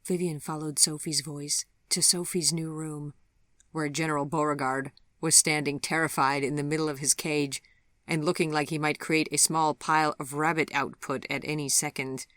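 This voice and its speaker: A woman reads a gentle fairy tale aloud with soft, measured narration. Her voice sits low in pitch, and the recording is close and dry. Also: level tone, no echo. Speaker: audiobook narrator. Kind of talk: scripted narration.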